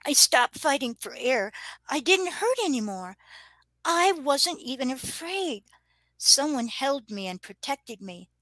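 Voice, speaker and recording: A woman's voice: high-pitched, very animated, measured pace, fairly bright tone, no room sound, voice pushed up, heavily acted. A woman voicing a frightened twelve-year-old girl who speaks in a small, murmuring voice. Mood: wondering.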